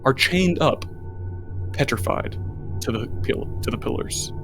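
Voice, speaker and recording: A man's voice: medium pitch, animated, a little slow, gravelly, music in the background. A man running a tabletop game as game master, describing scenes in a rambling way.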